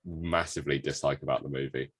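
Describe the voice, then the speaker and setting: A man's voice: very deep voice, steady tone, quick pace, fairly bright tone, no echo. A young man from England, co-hosting a podcast in joking, self-deprecating chat while ill with covid. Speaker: podcast co-host. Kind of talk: casual chat.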